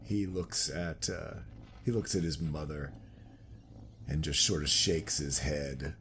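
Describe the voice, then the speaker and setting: Very deep, slow-talking man. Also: fairly even intonation, fairly bright tone, a little hiss or hum. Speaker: player. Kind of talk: narrating his character's actions.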